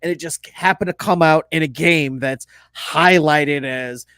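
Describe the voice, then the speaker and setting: A man's voice: a little high, a little slow, bright, forceful tone, clear, resonant tone, no room sound. A man co-hosting a casual sports podcast, emphatic and opinionated, laughing often. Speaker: podcast co-host.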